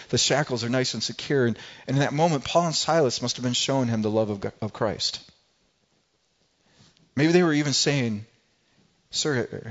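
A man's voice: medium pitch, lo-fi sound. A male pastor preaching a sermon in a conversational way, often restarting phrases and acting out what people in the story say. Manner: conversational preaching with frequent restarts and acted-out quotes.

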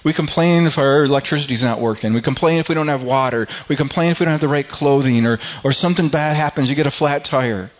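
A middle-aged pastor delivers a sermon at a mid-range pitch, stumbling and repeating words before pushing into emphatic, rising runs. The recording sounds a little dull and muffled. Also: male voice. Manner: halting, repeats words while building to emphatic peaks.

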